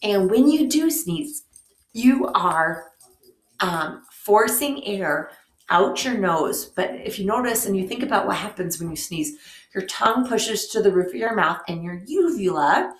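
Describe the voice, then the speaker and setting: A woman's voice: mid-range voice, expressive, unhurried. A woman biology teacher explaining a lesson to her students, with lots of ums and friendly asides. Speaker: high school biology teacher. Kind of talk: recorded remote lesson. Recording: echoey room.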